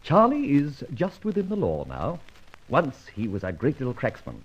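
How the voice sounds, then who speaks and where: A suave, indignant gentleman thief. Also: mid-range voice, huge pitch swings, husky. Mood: scheming. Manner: theatrical, wry, quick to indignation. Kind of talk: 1940s radio drama acting. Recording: dull old radio recording.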